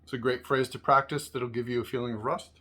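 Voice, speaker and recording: Patient man teaching over loud violin. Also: mid-range voice, fairly even intonation, quick pace. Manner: patient, explanatory, sings rhythm syllables. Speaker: music teacher. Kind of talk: instructional lesson with sung syllables. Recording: loud violin music in background. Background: violin playing.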